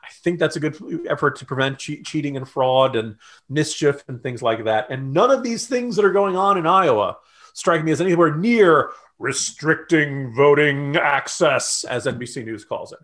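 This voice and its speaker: Man, podcast co-host, higher-pitched, sarcastic, casual political commentary. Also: animated, moderate pace, a bit bright. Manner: sarcastic, mocking quotes in a raised voice; loose and conversational with restarts.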